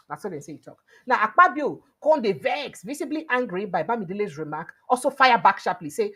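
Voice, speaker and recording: A woman's voice: mid-range voice, brisk, few pauses, slightly rough. Nigerian woman hosting pidgin news. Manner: animated, acts out quoted lines loudly. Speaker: news show host.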